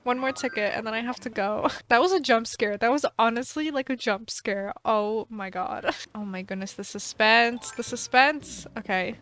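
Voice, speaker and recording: A woman chatting casually to her viewers while playing a game, excitable and chatty. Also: a little high, normal speed, hardly any pauses. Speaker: gaming streamer. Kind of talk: casual gameplay commentary.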